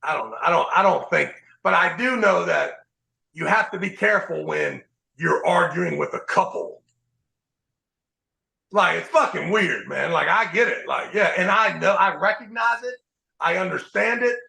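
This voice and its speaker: A man hosting a podcast, telling profane, animated stories in casual chat. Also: sits high, normal speed, gravelly, roomy sound, rough recording. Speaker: podcast host.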